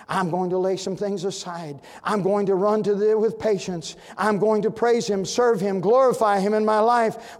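A man preaches with a high-pitched voice, driving home lines in a repeating cadence. He swells to loud declarations, then drops to hushed near-whispers. His voice rings with the long reverb of a church hall. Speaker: visiting preacher. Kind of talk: sermon.

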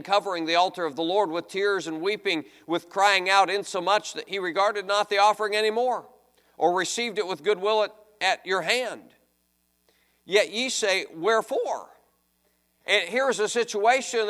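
A man preaching a sermon, reading scripture and acting out pleading voices with animated emphasis. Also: high-pitched. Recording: long hall reverb.

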